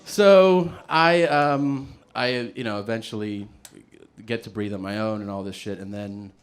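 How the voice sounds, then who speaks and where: A man's voice: lowish voice, unhurried. Man doing stand-up, casual storytelling, swears a lot, laughs mid-sentence, faint background noise. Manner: casual, profane, laughs through his own story. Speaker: stand-up comedian.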